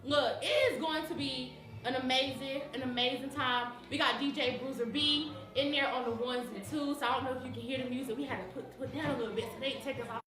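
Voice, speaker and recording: Woman, high voice, excited event host, echoey room. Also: a little fast, hardly any pauses. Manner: excited, greets people, sing-song calls. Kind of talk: lively livestream hosting. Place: busy church event venue.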